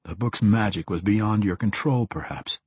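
A male narrator voicing a calm male ranger who speaks in a steady, measured and reassuring way. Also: on the low side, breathy edge, dry recording. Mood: grave.

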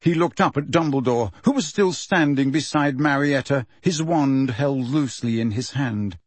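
A man narrating an audiobook with expressive, measured storytelling. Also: medium pitch, breathy edge, dry recording.

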